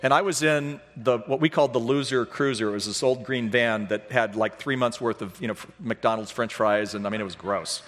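Storytelling pastor in a reverberant church. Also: male voice, medium pitch, brisk, few pauses. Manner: animated, self-deprecating, acts out voices in his stories. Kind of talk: storytelling sermon. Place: church sanctuary. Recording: long hall reverb.

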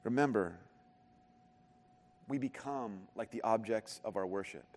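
A man's voice: lowish voice, a little slow, darkish tone. Man preaching in a reverberant hall. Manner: conversational, joking asides. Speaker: pastor. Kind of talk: sermon.

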